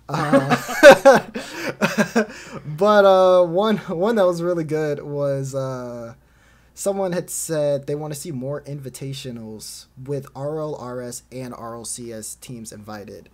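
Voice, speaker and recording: A man's voice: on the high side, unhurried. A man hosting a casual esports podcast, rambling with lots of fillers and frequent laughs. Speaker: podcast host. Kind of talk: casual chat about esports.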